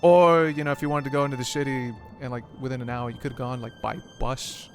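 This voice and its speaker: A man's voice: mid-range voice, little pitch movement, fast, over music. Rambling, foul-mouthed streamer guy. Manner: rambling, profane, joking. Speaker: game streamer. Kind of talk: casual stream commentary.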